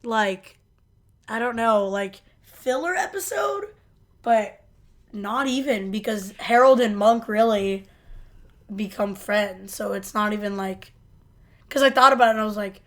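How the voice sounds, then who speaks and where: A woman's voice: medium pitch, a little slow, fairly bright tone. A young woman co-hosting a podcast, chatting loosely with many fillers and easy giggles. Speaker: podcast co-host. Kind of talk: casual chat.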